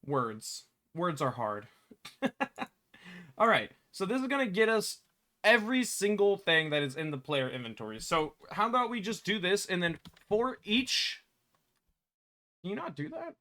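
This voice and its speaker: Bright-voiced man thinking aloud. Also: high voice, sing-song. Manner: halting, self-correcting, mutters to himself. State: hiccuping. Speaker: game developer. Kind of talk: thinking aloud while working.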